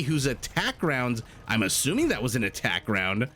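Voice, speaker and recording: A man casting a strategy game match as a tournament co-host, excitable and prone to rambling tangents. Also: medium pitch, moderate pace, vocal fry, few pauses, slight background noise. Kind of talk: esports match commentary.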